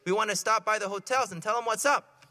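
Priest guy preaching, high bright voice, jokey, big echoey church. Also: fast. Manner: playful, joking and asking the congregation questions. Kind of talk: sermon. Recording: long hall reverb.

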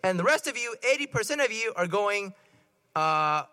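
With long pauses and a sing-song lilt, the priest speaks a little slowly in a high-pitched, bright, forceful voice. He gives a playful sermon in church, joking and questioning the congregation, the sound carrying long hall reverb.

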